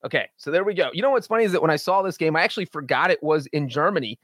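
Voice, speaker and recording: A man's voice: on the high side, animated, rapid-fire, fairly bright tone, no room sound, clean studio sound. A man co-hosting a sports betting podcast, talking in a confident, joking way. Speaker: podcast co-host. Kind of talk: casual sports betting chat.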